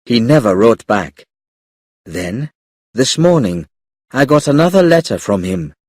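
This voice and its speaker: A man reading a graded English storybook aloud, narrating clearly and carefully. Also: mid-range voice, big pitch swings, unhurried, darkish tone, dry recording, clean studio sound. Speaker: audiobook reader.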